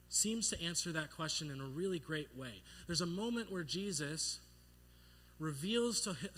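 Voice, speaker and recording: A young man preaching a sermon as pastor, telling a childhood story with playful, animated delivery and acting out the voices in it. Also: fairly high pitch. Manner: animated, playful, acts out voices in his stories.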